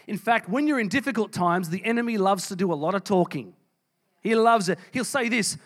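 A man's voice: high-pitched, a little fast. A man preaching a sermon, reading scripture and speaking with strong emphasis. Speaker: pastor.

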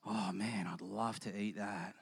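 A man voicing a mopey man who makes a show of fasting while others eat. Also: fairly low pitch, steady tone, gravelly, slightly rough, voice pushed down, full character voice. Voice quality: moaning, mopey. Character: sulky man showily fasting.

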